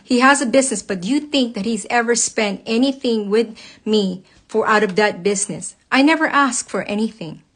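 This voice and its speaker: Woman, higher-pitched, angry, hurt, emphatic, repetitive, venting to followers. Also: normal speed, fairly bright tone. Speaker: psychologist. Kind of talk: emotional personal account to followers.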